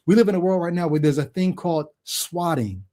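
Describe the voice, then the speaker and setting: Speaking straight to his chat, this call-in livestream host delivers lively stories and performs the voices of the people he quotes. His voice is a little high and fairly quick.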